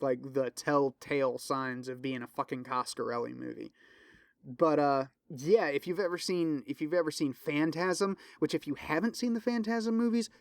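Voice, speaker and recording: Recorded in a clean studio with no echo, a man with a mid-range, creaky voice hosts his solo podcast. He rambles casually and profanely, leaning on fillers and restarts, while excitedly recommending things.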